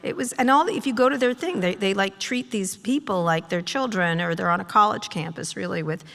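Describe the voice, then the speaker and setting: A middle-aged woman speaks as a guest at a live stage talk, with a voice of medium pitch. She tells stories in a sardonic, profane way and keeps slipping into quick imitations of other people. Her voice carries a long reverb from a large hall. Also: creaky, fairly bright tone. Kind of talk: on-stage storytelling conversation. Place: live event hall with audience.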